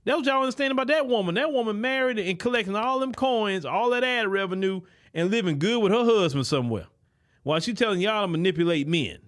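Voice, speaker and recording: A man's voice: sits high, expressive, fast, a bit bright. A man hosting his own show, giving an emphatic, lecturing commentary with frequent stalling fillers. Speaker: host. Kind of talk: commentary monologue.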